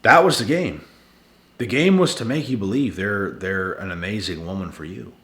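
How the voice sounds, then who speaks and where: A man's voice: on the low side, moderate pace, fairly bright tone, roomy sound. A man hosting his channel, giving relationship advice in a blunt, repetitive casual monologue late at night, sounding tired and talking to viewers as guys and bro. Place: at home indoors.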